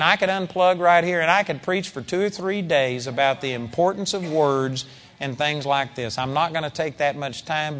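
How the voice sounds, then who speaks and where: A man's voice: on the high side, a bit bright, big-room sound, slight background noise. A man preaching a sermon in a conversational style with dramatic emphasis.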